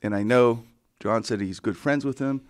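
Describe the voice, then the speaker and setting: A male radio host telling a story in a rambling, excitable way and breaking into his own sentences. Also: mid-range voice, moderate pace, no room sound, studio quality. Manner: rambling, excitable, self-interrupting. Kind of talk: casual storytelling.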